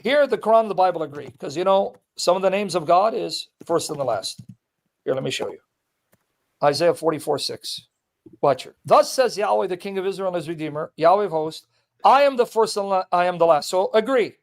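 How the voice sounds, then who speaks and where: A man with a notably high-pitched voice argues his point with relentless insistence. He reads scripture verses aloud with heavy emphasis, then turns them back on the other person as pointed challenges. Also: expressive, brisk, gravelly. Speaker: Christian apologist debating a Muslim. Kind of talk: street debate, reading scripture aloud.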